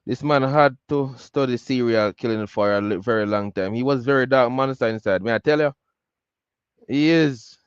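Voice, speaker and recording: A man's voice: medium pitch, normal speed, clear, resonant tone, no echo. A man hosting a podcast, reacting to a clip in casual commentary and filling his talk with "like". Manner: filler-heavy, keeps saying "like". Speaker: podcast host. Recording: dull lo-fi audio.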